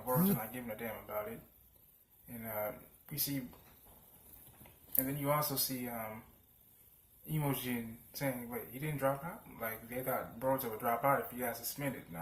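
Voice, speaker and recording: A young man giving casual, slang-filled reaction commentary as a channel host, chuckling often. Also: medium pitch. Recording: roomy echo, faint hum.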